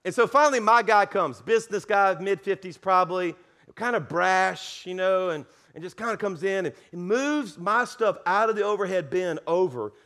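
A pastor with a Southern US accent telling a lively, self-mocking story during a sermon. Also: male voice, high-pitched, moderate pace.

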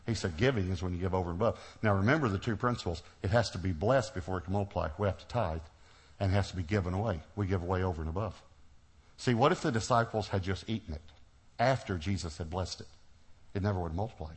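A man's voice: low voice, fast. A middle-aged man preaching to a congregation, telling a personal story, acting out the dialogue and laughing often. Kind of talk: sermon storytelling.

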